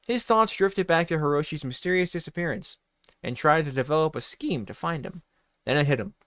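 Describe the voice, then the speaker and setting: A man's voice: fairly high pitch, a little fast, a bit bright, no room sound, studio quality. A man reading a comedy story aloud in a mock-dramatic voice, breaking off for swearing asides.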